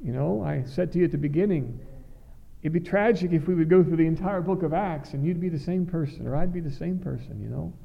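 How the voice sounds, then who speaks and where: A middle-aged man preaching a sermon, earnest and halting, often repeating words as he restarts. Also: a little high, creaky, highs cut off.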